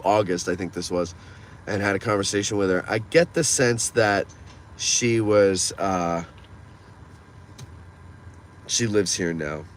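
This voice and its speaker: A man's voice: sits low, takes it slowly, pauses often. A man hosting a casual live stream from his car, reading viewer comments aloud and chatting back. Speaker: host reading live chat. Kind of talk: casual live-stream chat while driving. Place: inside a car in town. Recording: clear traffic noise from a moving car. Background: car and street noise.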